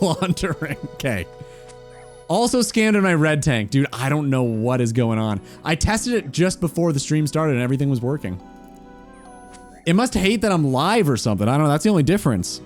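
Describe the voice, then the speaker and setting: A man chatting casually on a gaming stream, teasing and mock-incredulous. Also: on the high side.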